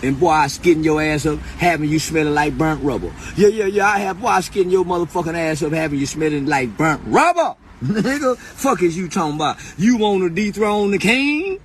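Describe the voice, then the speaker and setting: A man hosting a podcast, delivering a loud, profane, laughing freestyle rant that swings between high outbursts and low mutters. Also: animated, moderate pace, hardly any pauses, a little hiss or hum. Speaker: podcast host.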